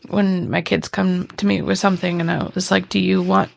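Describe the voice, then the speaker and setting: A woman's voice: fairly low pitch, flat delivery, fairly quick, vocal fry. A middle-aged mother co-hosting a podcast in casual chat, affirming her partner often and sharing stories about her kids. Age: middle-aged, mother of a twelve-year-old. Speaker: podcast co-host.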